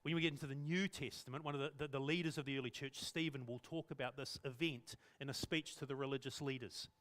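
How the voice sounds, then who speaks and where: A man's voice: mid-range voice, fairly even intonation, fast, fairly bright tone. A male pastor preaching in church, telling the story animatedly and acting out the scenes. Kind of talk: sermon.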